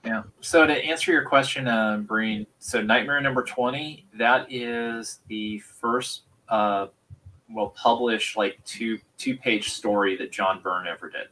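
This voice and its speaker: A man's voice: on the low side, a little slow, pushed and bright, low-quality recording. A man chatting on a comic livestream, explaining things hesitantly with fillers. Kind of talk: casual chat.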